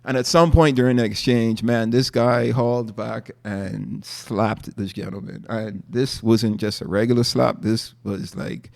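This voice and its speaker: Gravelly Bahamian man telling a story. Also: mid-range voice, fairly even intonation, measured pace, few pauses, dry recording, studio quality. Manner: conversational, many fillers and restarts. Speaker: podcast host and speaker. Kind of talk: casual storytelling.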